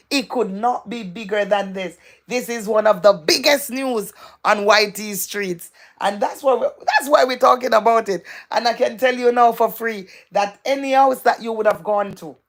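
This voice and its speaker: Excitable woman host with a gravelly voice. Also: mid-range voice. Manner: excitable, repetitive, gossipy, laughs often. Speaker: livestream host. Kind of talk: live chat reading out viewer comments.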